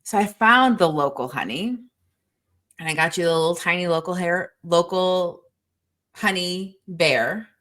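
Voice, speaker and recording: A woman's voice: lowish voice, a little slow, fairly bright tone. A middle-aged woman co-hosting a podcast, telling stories in a profane, exasperated casual chat. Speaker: podcast co-host.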